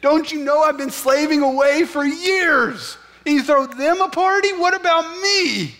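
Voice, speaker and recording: A resentful grown son in an indignant outburst, as a preacher plays him. His voice climbs high and strained as he fires off exasperated questions about fairness. The pitch sits well above a man's usual speaking voice. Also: a little slow, bright, forceful tone, heavily acted. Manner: exasperated, rising rhetorical questions.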